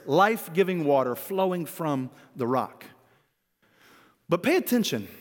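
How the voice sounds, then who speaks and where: A man's voice: high voice, big-room sound. A man preaching a sermon as pastor, earnest and often chuckling as he teaches.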